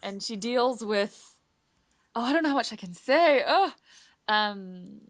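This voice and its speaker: A woman's voice: fairly high pitch, animated. Bubbly, chatty woman from Singapore. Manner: bubbly, chatty and quick to laugh. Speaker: voice actress and guest. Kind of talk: casual interview answers. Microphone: conference call.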